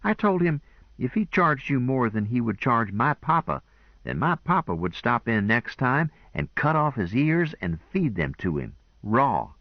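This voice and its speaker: A man's voice: medium pitch, big pitch swings, measured pace, no room sound, pitched above the performer's own voice. A man voicing a proud, earnest young woman who speaks in a matter-of-fact way, in a dull lo-fi recording.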